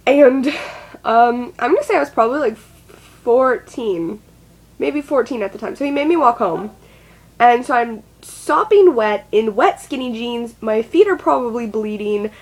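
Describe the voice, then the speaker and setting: A woman's voice: a little high, lively intonation, a little slow, a little mellow, rough recording. A young adult woman telling a personal story in a casual, rambling way, swearing often and filling with "like". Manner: rambling, swears a lot, frequent "like" fillers. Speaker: vlogger.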